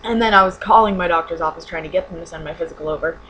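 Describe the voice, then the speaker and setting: A woman's voice: lowish voice, rapid-fire, fairly bright tone, a little hiss or hum, rough recording. A young adult woman in a casual webcam vlog, rambling and sarcastic, saying "like" a lot. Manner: rambling, sarcastic, heavy use of "like". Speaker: vlogger. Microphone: webcam mic.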